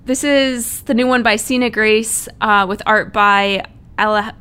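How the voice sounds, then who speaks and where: A woman co-hosting a casual podcast chat, talking quickly and laughing often. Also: on the high side, steady tone, sharp tone, clean tone. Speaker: podcast co-host. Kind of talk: casual chat about comics.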